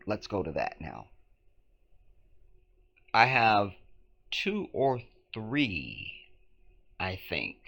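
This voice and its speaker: A man's voice: low-pitched, creaky, a bit bright. A man commenting on news clips in a scornful, emphatic way, repeating phrases back. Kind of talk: conspiracy commentary vlog.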